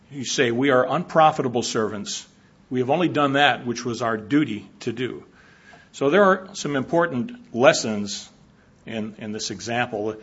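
A man with a husky, mid-pitched voice delivers a sermon in a measured, reflective way, pausing on fillers as he works through his points. The recording is dull and lo-fi, as if taken from a hall. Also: fairly bright tone. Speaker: preacher.

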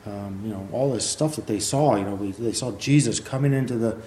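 A man with a warm, mellow voice gives a sermon, talking in a loose, conversational way and filling his speech with small asides. He reads scripture aloud between his own comments. The sound carries a roomy echo, as in a church hall. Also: on the low side, a little fast, a little hiss or hum. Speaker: preacher. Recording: echoey room.

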